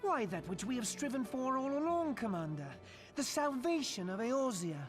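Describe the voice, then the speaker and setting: An actress voicing a defiant mutineer in a video game, speaking proudly. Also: female voice, high-pitched, sing-song, normal speed. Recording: loud game music behind.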